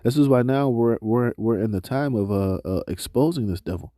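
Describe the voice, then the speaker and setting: Brief: male street preacher, very dark and mellow tone, dry close sound, loose slangy delivery. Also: medium pitch, no echo. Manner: casual slangy preaching, often ends phrases with "man", many "uh" fillers; slows down to read scripture aloud. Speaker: street preacher reading scripture. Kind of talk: informal scripture commentary.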